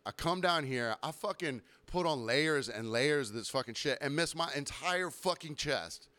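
A young man hosting a podcast, telling a rambling, profane, self-mocking story while getting over a sore throat and clearing it now and then. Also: mid-range voice, animated, fairly quick, few pauses, bright, forceful tone. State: recovering from illness, throat clearing. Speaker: podcast host. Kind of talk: casual storytelling monologue.

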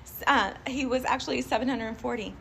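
A woman with a somewhat high voice gives a live motivational talk, chatty and animated. She laughs easily and keeps asking her audience questions. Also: a little fast, creaky, slight background noise. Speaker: motivational speaker addressing a group.

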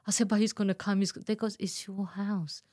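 A woman's voice: medium pitch, flat delivery, fairly quick, a little mellow. A woman telling her own story in an interview, candid and earnest, acting out the voices of people she quotes. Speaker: guest, abuse survivor telling her story. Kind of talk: emotional personal storytelling.

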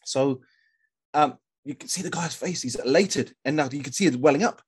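A New Zealand man with a New Zealand accent is a podcast guest spinning a long story, casual and animated, full of fillers, restarts and "bro." His husky voice is a little high, and he talks at a normal speed.

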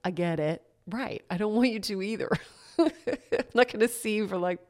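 A woman podcast host telling a personal story in a casual solo episode, animated and laughing often, acting out what others said to her. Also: mid-range voice, brisk. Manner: animated, laughs often, acts out quoted exchanges.

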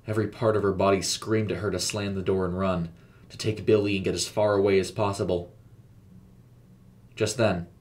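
A man narrating a scripted horror story in a measured, suspenseful way. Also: deep voice.

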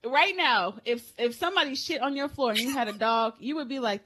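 A young woman co-hosting a podcast, telling a crude story with loud laughter and lively, animated storytelling. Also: fairly high pitch, fairly quick. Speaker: podcast co-host. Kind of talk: casual chat.

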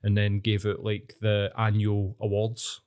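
A Scottish man in his thirties chatting casually, swearing freely and telling stories with animated energy. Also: on the low side, measured pace, clear, resonant tone. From Scotland. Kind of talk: casual chat.

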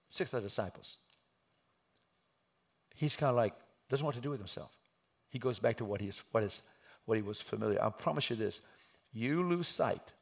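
Man, preacher, sermon storytelling, husky, gravelly, dramatic shifts in volume. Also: lowish voice. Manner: dramatic, swings from hushed to shouting while acting out the story.

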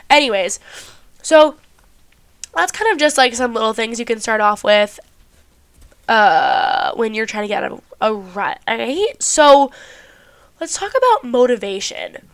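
A woman's voice: fairly high pitch, sing-song, unhurried, pauses often, smooth. A young woman hosting a podcast, sounding a bit stuffy, chatting casually about self-help and swearing freely with lots of "like". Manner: chatty, swears often, heavy use of "like". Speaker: podcast host.

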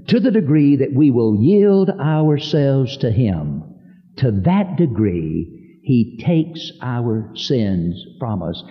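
A man preaching a sermon in a church sanctuary, slow and emphatic, with sweeping rises and falls. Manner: slow, emphatic preaching with dramatic pitch swings. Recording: dull lo-fi recording, long hall reverb.

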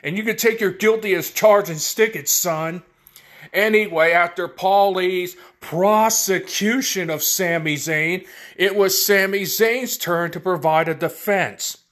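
A man hosting a podcast, recapping wrestling in an animated, sarcastic casual way. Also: sits high. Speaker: podcast host.

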